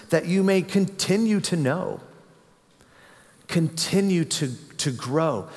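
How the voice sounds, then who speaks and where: A male pastor delivers a sermon in a slow, unhurried cadence at a mid-range pitch. He is reflective and circles back over key phrases. His voice rings with the long reverb of a church hall. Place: church building.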